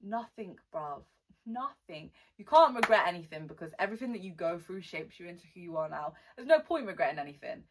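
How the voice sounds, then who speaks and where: A woman's voice: fairly low pitch, expressive, very noisy. Chatty British woman with mixed accent. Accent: mixed British, Welsh-born with West Midlands and London touches. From born in Wales, lives in the West Midlands. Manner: chatty, blunt, slangy, reads questions aloud slowly. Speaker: rapper answering fan questions. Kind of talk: casual Q&A vlog.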